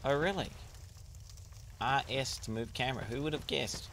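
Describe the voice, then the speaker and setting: A man streaming a video game with casual commentary, excitable and sarcastic, swearing a lot. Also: medium pitch, normal speed, very noisy.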